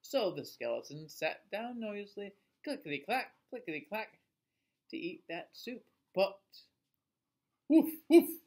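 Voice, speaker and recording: A male teacher reading a picture book aloud to children in an expressive voice, asking them questions along the way. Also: high-pitched, normal speed. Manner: expressive, asks listeners questions.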